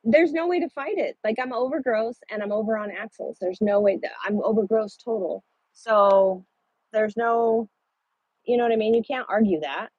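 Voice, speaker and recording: A woman truck driver chatting casually with her livestream viewers, blunt and quick to swear. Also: a little high, husky, no echo, lo-fi sound.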